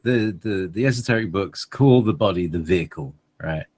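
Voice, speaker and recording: A man cohosting a relaxed conversation, talking in long, meandering stretches full of hesitations. His pitch moves a lot, and his voice carries a slight husk. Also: normal speed, breathy edge. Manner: rambling, hesitant, laughs often. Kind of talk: casual chat.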